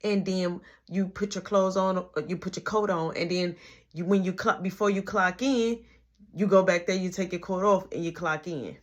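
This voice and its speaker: Woman doing a no-nonsense middle-aged boss lady, brisk, matter-of-fact, bossy, storytime vlog. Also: on the low side, steady tone, natural voice. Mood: firm. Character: firm middle-aged female manager.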